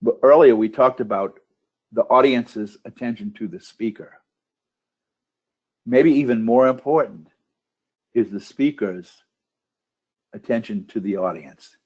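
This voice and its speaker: A man's voice: medium pitch, measured pace, pauses often, highs cut off. A man leading an instructional webinar, asking one checklist question after another, with a few restarts. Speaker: webinar trainer for contest judges. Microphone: computer microphone on a webinar call.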